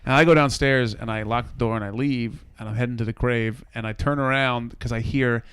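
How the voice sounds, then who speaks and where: A man's voice: medium pitch, fairly even intonation, brisk, fairly bright tone, clean tone, dry recording. A man co-hosting a podcast, telling a story casually and acting out quotes, with some swearing. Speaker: podcast co-host.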